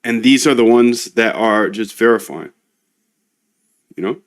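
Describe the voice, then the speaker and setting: A man's voice: lowish voice, measured pace. Guy coding on stream, talks to himself a lot, slangy, keeps saying dude. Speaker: trading bot developer and streamer. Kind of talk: casual live coding talk.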